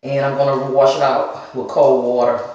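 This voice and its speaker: A woman's voice: extremely low pitch, level tone, normal speed, dark tone, dull audio. A woman from the Southern US with a Southern accent, rambling casually through a hair-care vlog and talking straight to her viewers. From Southern United States. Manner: chatty, talks straight to viewers with y'all and girl. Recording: very echoey room.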